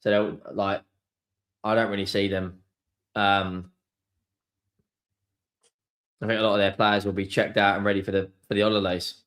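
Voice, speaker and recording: A young man hosting a live football watchalong, excitable and sweary, swinging between shouts and mutters. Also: fairly low pitch, a little fast. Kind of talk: live match watchalong reaction.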